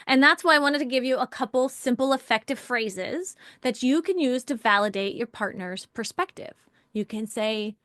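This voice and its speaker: Animated woman coaching a workshop. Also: on the high side, a little fast, no room sound, studio quality. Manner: animated, warm-toned teaching with rhetorical questions; acts out example phrases in changed voices. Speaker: relationship communication coach. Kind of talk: online workshop teaching.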